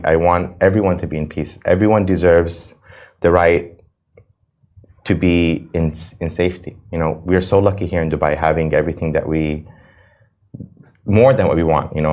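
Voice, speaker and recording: A man's voice: sits low, steady tone, normal speed, a little mellow. A man, a reality show cast member and cafe owner, answering interview questions earnestly and repeating words when he is moved. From United States.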